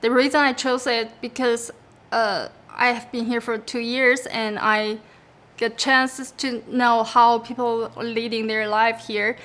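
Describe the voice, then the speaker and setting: A woman from China with a Chinese accent, introducing her instrument in a hesitant, casual way with many pauses. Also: fairly high pitch, fairly bright tone. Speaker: pipa musician.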